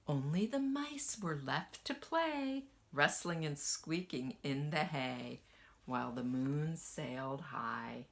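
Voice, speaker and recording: A woman kindergarten teacher gently reading a picture book aloud to children and asking them questions as she goes. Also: low-pitched, vocal fry. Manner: slow, lively sing-song storytelling.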